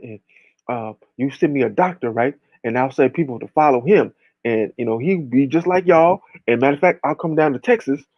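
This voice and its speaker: A man voicing a scheming female talk show host who makes a deal with quick promises. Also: on the high side, no room sound, lo-fi sound.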